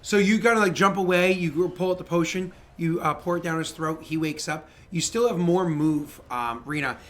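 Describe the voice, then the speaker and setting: A man's voice: fairly high pitch, normal speed, fairly bright tone. A man running a tabletop game as game master, playful and prone to stammering restarts.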